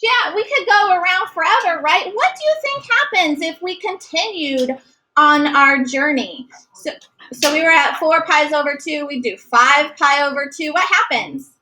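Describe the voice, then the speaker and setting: Math teacher lady, high bright voice, slow and encouraging, sings bits to the class. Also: low-quality recording. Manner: encouraging, sings short note patterns to teach. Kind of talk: classroom lecture.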